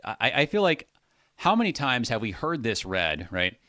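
A man's voice: mid-range voice, sing-song, moderate pace, bright, forceful tone, no echo, studio quality. A man explaining a point of Greek word order in a casual Bible discussion, thinking aloud with many restarts.

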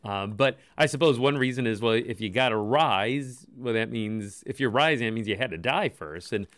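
A man's voice: medium pitch, normal speed, fairly bright tone, no room sound. A man co-hosting a Bible-study radio show, talking through scripture in an easygoing way, thinking aloud. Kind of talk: conversational Bible discussion.

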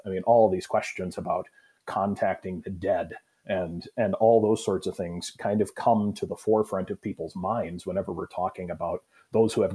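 Low, husky-voiced pastor explaining scripture. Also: male voice, mellow. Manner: thoughtful, explanatory, pauses with fillers. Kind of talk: Bible study discussion.

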